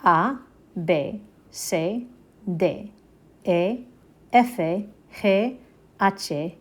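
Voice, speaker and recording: A woman's voice: mid-range voice, extremely slow. A woman teaching a Spanish alphabet lesson, saying each letter twice and explaining its sound step by step. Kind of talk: slow, patient alphabet lesson.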